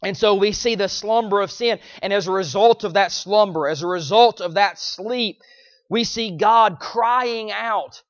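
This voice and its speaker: A man preaching a sermon, repeating phrases and swinging between loud pleading cries and low, quiet lines. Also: a little slow, no echo, lo-fi sound.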